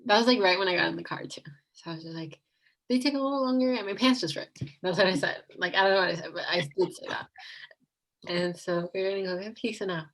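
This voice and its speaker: A woman's voice: lowish voice, fairly even intonation, quick pace, vocal fry, fairly bright tone, poor audio. Rambling young woman telling a storytime. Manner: rambling, fillers like "like" a lot, giggly. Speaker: vlogger. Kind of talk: casual storytime.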